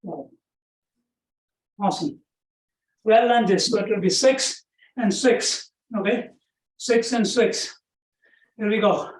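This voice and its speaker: A man's voice: high-pitched, takes it slowly, long pauses. A man from South Asia coaches a workout class, counting off reps and praising the effort between sets. He talks in a chatty way and keeps checking in with "right?" and "okay?". His voice carries a roomy echo and sounds set back from the microphone. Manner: counts reps aloud, encouraging, chatty with many "right?" tags. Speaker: fitness instructor. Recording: roomy echo, far from the mic.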